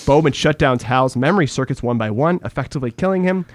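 A man's voice: mid-range voice, lively intonation, fast, slight background noise. A man co-hosting a casual chat, recapping a film and jumping into quoted voices with lots of laughter. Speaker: podcast co-host.

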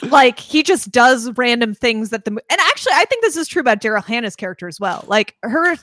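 A woman co-hosting a casual movie podcast, acting out scenes in quick voices. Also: on the high side, no room sound, studio quality. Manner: animated, acts out scenes in voices. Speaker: podcast co-host.

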